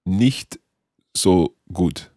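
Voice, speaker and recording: A man's voice: low voice, lively intonation, very slow, warm tone, dry recording, studio quality. A man hosting a language lesson as the learner, curious and repeating new words back. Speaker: host and learner.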